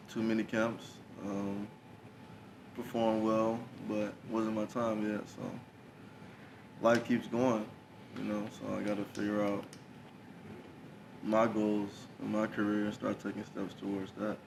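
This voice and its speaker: A young man answering a question in a soft-spoken, halting way. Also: lowish voice, monotone, creaky. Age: young adult. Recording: distant from mic, background noise.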